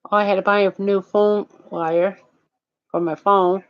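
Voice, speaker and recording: An older woman talking in a rambling, halting, profane monologue. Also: mid-range voice, level tone, highs cut off.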